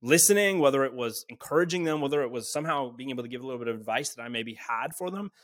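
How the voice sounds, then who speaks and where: A young man from small-town Canada tells his story as a podcast guest, with lively energy and casual fillers. His middle-pitched voice sounds close and dry, with no room around it. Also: racing, dry recording. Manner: lively, acts out quoted dialogue, casual fillers. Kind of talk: animated storytelling in conversation.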